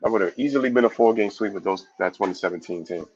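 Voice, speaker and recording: A man hosting a casual live sports stream, reading viewer comments aloud and giving shout-outs in a loose, slangy way. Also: lowish voice, quick pace, breathy edge, lo-fi sound. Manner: loose, slangy, animated opinions.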